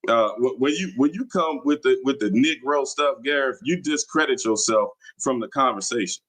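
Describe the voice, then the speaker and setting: A man's voice: mid-range voice, normal speed, fairly bright tone, rough recording. A man hosting a livestream, talking in a combative, taunting, slangy way. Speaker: livestream host. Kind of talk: casual livestream talk. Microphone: streaming mic.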